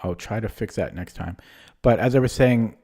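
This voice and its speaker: A young man on a home stream talks his way through chess moves in a loose, rambling way, poking fun at his own mistakes. His voice sits a little low with a mellow, soft-edged tone, picked up by a desk microphone. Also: moderate pace, gravelly, slightly rough. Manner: rambling and self-deprecating, thinking aloud. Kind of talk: casual livestream commentary while playing.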